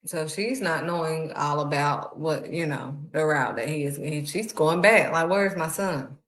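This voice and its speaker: A woman's voice: low voice, unhurried, a bit bright. A woman, preaching a sermon in a heartfelt, conversational way. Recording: echoey room.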